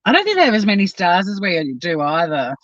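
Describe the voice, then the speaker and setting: A woman's voice: on the low side, huge pitch swings, fairly quick, no room sound. An Australian woman hosting a livestream from her car, chatting casually and bluntly with plenty of swearing as she reacts to chat. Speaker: livestream host reading chat. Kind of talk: casual chat while driving. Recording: dull, dry lo-fi sound.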